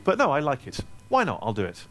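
A man's voice: on the high side, wildly swooping pitch, fast, noisy background. A man originally from Scotland chats with a live audience at a store event, holding a handheld mic. He wanders off into jokey, self-mocking tangents and loose asides as he answers their questions. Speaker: author speaking to an audience. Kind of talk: casual audience Q&A. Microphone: handheld microphone.

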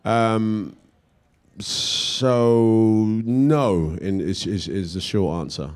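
British guy, middle-aged actor, kinda low voice, rambly q&a answers, lots of um and you know. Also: drawn-out words. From England. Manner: relaxed, rambling with restarts and fillers. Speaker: actor answering audience questions. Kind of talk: casual Q&A answers.

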